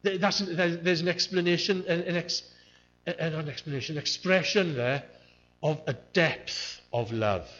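A man's voice: a little high, normal speed, a bit bright. A man preaching a sermon in an earnest way, repeating key words to stress them. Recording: muffled lo-fi recording.

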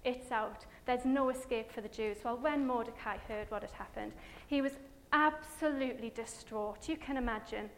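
A woman giving a chatty, animated Bible story talk with slides, full of fillers and asides to her listeners. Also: on the high side, moderate pace, hardly any pauses.

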